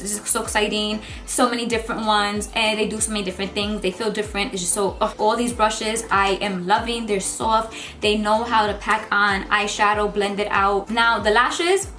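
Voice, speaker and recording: Chatty, excitable woman in an echoey room. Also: a little high. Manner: chatty and excitable, gushing over products. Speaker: beauty vlogger. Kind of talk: casual unboxing and makeup try-on. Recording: echoey room with faint music.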